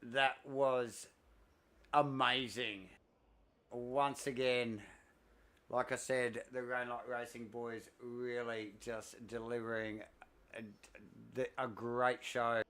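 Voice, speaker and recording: A man, commentating a sim race live, excitable and out of breath, rambling with fillers. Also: medium pitch, takes it slowly.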